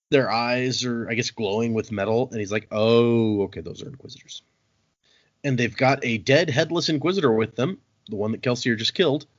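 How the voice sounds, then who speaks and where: A man hosting a podcast, retelling a book's plot in casual chat and acting out the quotes as he goes. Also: medium pitch. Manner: animated, laughing, acts out quotes. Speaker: podcast host. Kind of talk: casual book-club chat, retelling a story. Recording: dull lo-fi podcast audio.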